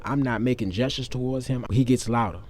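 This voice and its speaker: A young man talking straight to the camera, telling a personal story. His voice sits in a middle pitch, and his manner is casual, candid and full of profanity. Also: brisk, a little mellow, slight background noise. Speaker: vlogger.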